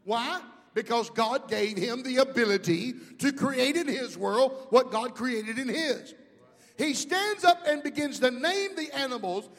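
High-voiced preacher man in an echoey hall. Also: fairly bright tone. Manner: preaching with call-outs to the congregation. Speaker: pastor. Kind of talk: sermon.

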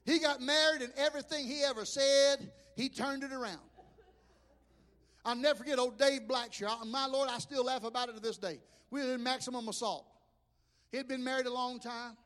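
A high-pitched Southern preacher from Alabama tells his sermon stories in an animated way, stumbling over restarts. His voice rings out with a long church-hall reverb. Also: moderate pace. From Mobile, Alabama. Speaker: pastor. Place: church sanctuary.

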